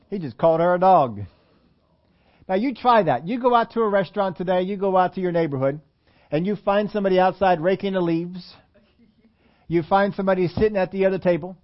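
A man delivers a conversational sermon, often asking his listeners questions and acting out quoted voices. His voice sits a little high for a man. The audio is dull and lo-fi. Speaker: preacher.

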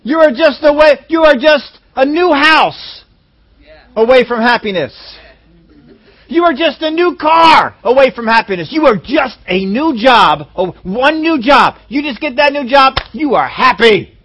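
A man preaching a sermon in an animated way, acting out voices in his stories, on a dull lo-fi recording. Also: very high-pitched, a little slow. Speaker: pastor.

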